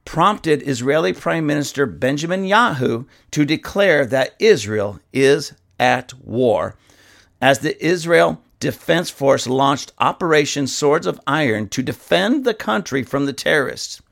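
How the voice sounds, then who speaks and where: A man's voice: on the high side, lively intonation, a little slow, creaky. A man who pastors a church, giving impassioned political commentary and reading news aloud, emphatic and often addressing his listeners directly. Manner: emphatic, repeatedly addresses "ladies and gentlemen".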